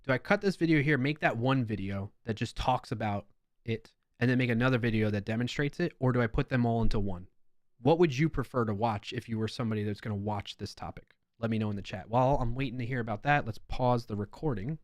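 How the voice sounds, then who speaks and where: A man's voice: medium pitch, fast talker, no echo, studio quality. A man with a New York accent hosting a casual live stream, reading viewer comments aloud with playful emphasis and chatting as he goes.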